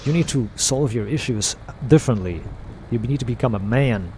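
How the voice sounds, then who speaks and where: A man's voice: medium pitch, lively intonation, moderate pace, a little mellow, a little hiss or hum. A man rambling bluntly over a game playthrough, repeating and restarting his phrases as he goes. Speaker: gamer streaming a playthrough. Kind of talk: casual rambling commentary while playing.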